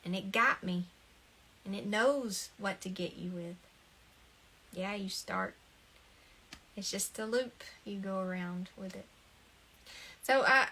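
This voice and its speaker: A spiritual talk host speaks casually about the ego in a self-help talk, earnest and encouraging, often repeating phrases and laughing lightly. Her voice is medium in pitch, pushed and bright.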